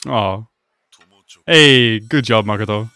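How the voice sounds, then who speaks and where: A young man giving casual, excitable commentary as he reacts to an anime episode, talking back at the screen. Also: fairly low pitch, takes it slowly, clean tone, no room sound, soft background music.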